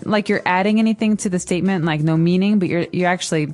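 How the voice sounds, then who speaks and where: A woman's voice: lowish voice, fast talker, a little mellow. A woman from Chicago co-hosting an English lesson, explaining phrases in an emphatic, teacherly way. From Chicago, United States.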